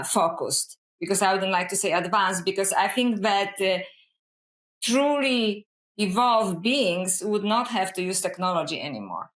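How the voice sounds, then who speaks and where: A woman's voice: mid-range voice, fairly bright tone. A woman guest and scholar talking in a reflective, earnest way, often saying "you know", in a podcast interview. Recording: roomy echo.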